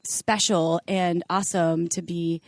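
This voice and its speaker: A woman co-hosting a podcast, chatting casually and telling animated stories. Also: lowish voice, measured pace, no echo. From Wisconsin. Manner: chatty, animated storyteller who jokes about doing accents. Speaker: podcast co-host. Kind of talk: casual chat.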